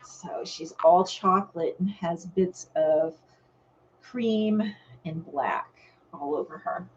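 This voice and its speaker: Slow-talking chatty woman, dull recording. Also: fairly low pitch, a little hiss or hum. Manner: chatty, laughs often, talks to viewers by name. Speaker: vlog host. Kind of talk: casual live-stream chat. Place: home.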